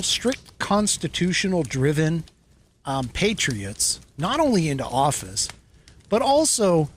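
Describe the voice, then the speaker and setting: An American man hosting a podcast, talking in a casual, halting way with many restarts. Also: on the high side, a little hiss or hum. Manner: halting, restarts, self-deprecating. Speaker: podcast host. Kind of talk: casual commentary.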